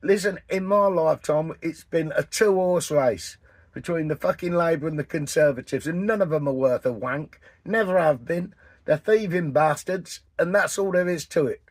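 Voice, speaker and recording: A man in his sixties, from England, ranting in a casual vlog, blunt and full of swearing, with a husky voice. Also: on the high side, normal speed, dry recording. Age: 60s. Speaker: vanlife vlogger. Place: in and around a camper van, partly outdoors.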